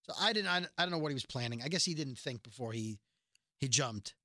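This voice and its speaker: A man co-hosting a casual show recap, animated and acting out quotes in playful voices. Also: medium pitch, fast talker, no echo, clean studio sound. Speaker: podcast co-host.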